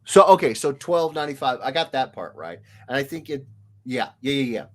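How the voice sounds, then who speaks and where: A man hosts a relaxed livestream, chatting casually with viewers. His voice leaps up and down all the time, and he greets each commenter in a playful sing-song. He sounds animated and chatty. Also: mid-range voice, fairly quick. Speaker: livestream host, illustrator.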